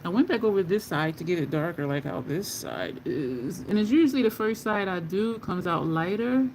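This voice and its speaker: A lowish, expressive, slightly mellow voice at a moderate pace belongs to a makeup vlogger, with a little hiss or hum in the recording. She chats casually on a livestream as she does her makeup, rambling through stories and addressing viewers with Southern-style "y'all."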